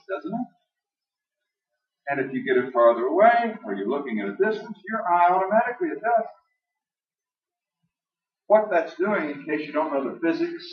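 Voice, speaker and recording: Man preaching, fairly high voice, emphatic and folksy, distant dull church recording. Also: echoey room. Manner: emphatic, folksy, quotes aloud with slow stress. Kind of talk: sermon. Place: church hall.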